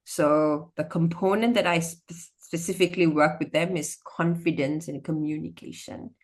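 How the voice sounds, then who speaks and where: Animated woman storyteller. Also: deep voice, moderate pace. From Singapore. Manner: animated, expressive, slips into acted voices. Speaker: storyteller and educator, guest. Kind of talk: casual interview conversation.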